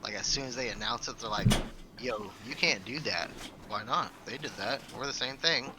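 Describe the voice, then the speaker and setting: A man's voice: medium pitch, normal speed, background noise. A man co-hosting a podcast, chatting casually and telling rambling stories. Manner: rambling, laid-back storyteller. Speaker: podcast co-host. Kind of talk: casual chat.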